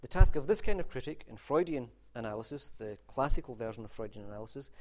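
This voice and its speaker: A man's voice: medium pitch, lively intonation, quick pace, dark tone. A man giving a university literature lecture in a wry, discursive manner, with asides and restarts. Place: lecture room.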